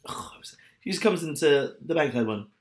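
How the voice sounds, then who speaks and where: A man's voice: fairly high pitch, animated, normal speed. A young man from England co-hosting a casual podcast, with a slightly posh-sounding way of speaking. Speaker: podcast co-host. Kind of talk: casual chat.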